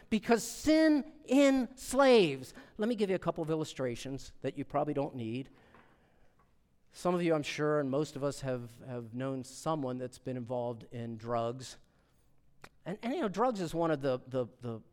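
A middle-aged man gives a sermon from the pulpit, his voice sitting a little high for a man. He preaches in an animated way, dropping low and then rising sharply as he acts out the people he quotes. A long reverb from the church hall trails each phrase. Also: normal speed. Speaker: pastor.

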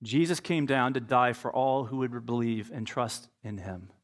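A man's voice: medium pitch, moderate pace. A pastor preaching a conversational sermon, telling a personal story and acting out his own inner dialogue.

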